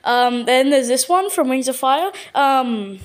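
A woman with an Australian accent casually narrating a showcase of her own artwork, stumbling over words and filling pauses with lots of ums. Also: sits high, expressive. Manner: hesitant, full of ums and repeated words. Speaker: channel owner.

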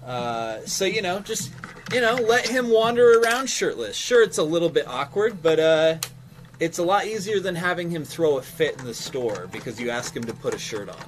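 A man's voice: a little high, sing-song, normal speed, faint music behind. A man telling a rambling story on his stream, swearing freely and easily distracted. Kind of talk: casual storytelling on a live stream.

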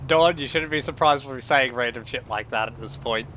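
A man's voice: mid-range voice, fairly quick, pushed and bright, a little hiss or hum. An Australian man in casual gameplay commentary, swearing, joking and chatting with his viewers. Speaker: streamer.

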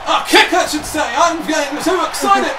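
Guy yelling over a wrestling game, really high voice, echoey room, loud crowd behind. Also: normal speed, recorded from a distance. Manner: shouts and gasps, repeats "wait a minute" and "uh-oh". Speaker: video game commentator. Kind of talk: excited play-by-play commentary. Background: loud game crowd and noise.

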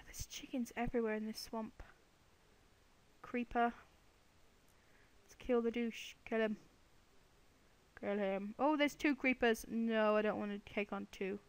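A woman's voice: on the high side, steady tone, measured pace, long pauses. A woman giving casual, chatty commentary while playing a video game, playfully talking to the animals and monsters on screen. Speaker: let's play gamer.

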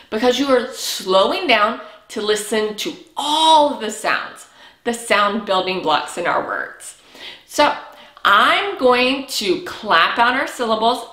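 Woman preschool teacher, slow and encouraging, echoey room. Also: fairly high pitch, sharp tone. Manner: slow, patient, encouraging, stretches out sounds. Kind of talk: early learning lesson for young children.

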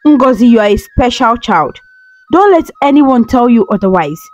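A woman's voice: fairly high pitch, sing-song, moderate pace, darkish tone, muffled recording. A woman voicing a kind village woman with a strong, fierce voice who protects a child. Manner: strong, firm, then kind.

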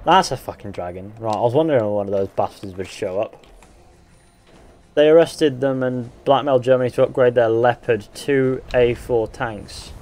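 Sweary English streamer with a mixed accent. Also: male voice, mid-range voice, normal speed, a little mellow. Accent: English, Northern and West Country mix with a Midlands sound. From England. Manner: blunt, sweary banter, reading viewer comments aloud. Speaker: game streamer. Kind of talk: casual live-stream chat while gaming.

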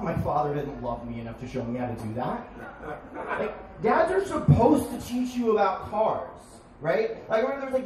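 A young man performing a stand-up comedy set on a bar stage, with deadpan punchlines and sudden shouted bits. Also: sits high. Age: young adult. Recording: echoey bar, crowd noise, distant. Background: crowd laughing.

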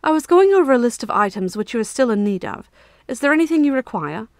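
A woman's voice: on the high side, big pitch swings, quick pace, no room sound, clean studio sound, pitched above the performer's own voice. A woman voicing a kind, practical woman in her mid-forties who speaks politely and formally, in a read-aloud story. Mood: kindly.

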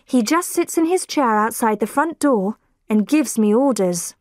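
A woman's voice: fairly high pitch, expressive, a little slow, darkish tone, no echo, studio quality. A woman narrator voicing a young woman who earnestly pleads for help with a man claiming to be her father. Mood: complaining. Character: young woman worried about a false father.

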